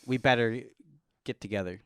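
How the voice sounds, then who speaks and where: A man's voice: mid-range voice, normal speed, fairly bright tone, clean tone, no echo, clean studio sound. A man co-hosting a comedy podcast, joking crudely and laughing often with his friends. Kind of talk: improvised comedy banter.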